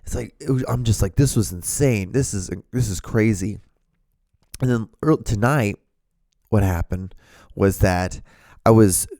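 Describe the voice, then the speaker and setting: A man with a lowish voice hosts his own podcast from his room, talking to a camera. He rambles through stories in a loose, casual way, swearing freely and leaning on "like" and "you know." The recording is dry and close, with no room echo. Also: mellow. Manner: rambling, profane, lots of fillers. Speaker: podcast host.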